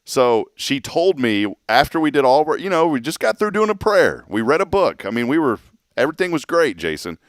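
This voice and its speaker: Animated storytelling man, dry close sound. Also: on the high side, normal speed, no room sound. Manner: storytelling, animated, laughs often. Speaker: co-host. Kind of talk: casual chat.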